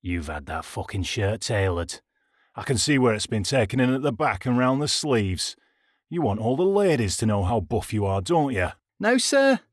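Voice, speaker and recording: A man's voice: medium pitch, big pitch swings, moderate pace, no echo, clean studio sound. A man voicing a stern male army sergeant major whose voice is cold, clipped and resonant. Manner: gruff barking.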